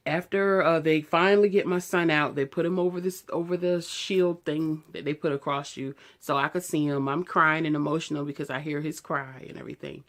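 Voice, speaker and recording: A woman in her early thirties, telling a personal story to camera in a candid, animated way. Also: deep voice, fairly quick, hardly any pauses. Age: 30s. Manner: candid, animated retelling, heated when quoting herself. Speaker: beauty vlogger.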